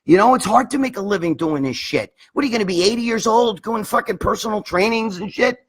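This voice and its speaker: A middle-aged man with a fairly high, husky voice hosts a casual live stream. He rambles through viewer questions in a blunt, profane way, calling out commenters by name. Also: expressive, fast talker. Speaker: livestream host answering viewer questions.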